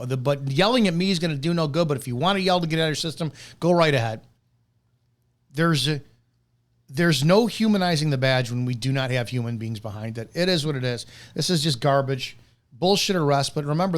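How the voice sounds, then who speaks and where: A man hosting a policing commentary show, reacting to a video with blunt, profane, indignant ranting and frequent restarts. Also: a little high.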